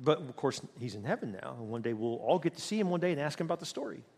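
A man preaching a sermon in an animated, storytelling way, recorded in a church sanctuary. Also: on the high side, rapid-fire, gravelly, breathy edge. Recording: long hall reverb.

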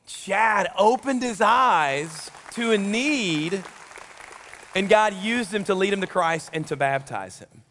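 Man preaching, higher voice, joking and animated, long hall reverb. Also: slow pace, a faint crowd, a little hiss or hum. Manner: animated, joking, acts out quotes. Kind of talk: sermon. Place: large church hall during a service.

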